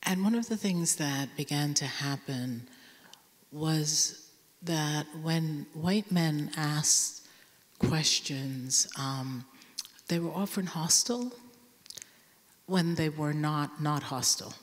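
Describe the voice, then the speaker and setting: A woman speaking as a guest in an onstage conversation in a large theater, soft-spoken and measured. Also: sits low. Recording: long theater reverb.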